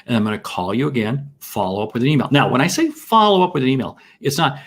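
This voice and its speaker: A middle-aged American man hosting a live sales masterclass, enthusiastic and full of rhetorical questions and shout-outs to viewers. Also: mid-range voice, very animated, fast talker, few pauses. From United States. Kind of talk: energetic live-stream teaching.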